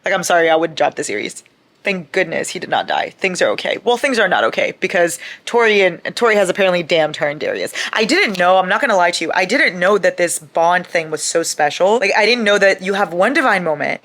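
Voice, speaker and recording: A woman's voice: lowish voice, fairly bright tone. A young woman vlogging about her reading at home, talking casually with heavy emotion, swearing and exasperated rants, upset from crying. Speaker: book vlogger. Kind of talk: casual reading vlog chat.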